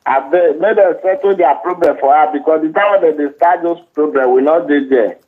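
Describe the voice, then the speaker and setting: A man's voice: on the high side, a little fast. Nigerian guy on a tinny phone call, polite, keeps begging. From Benin City, Nigeria. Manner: polite, pleading. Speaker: caller.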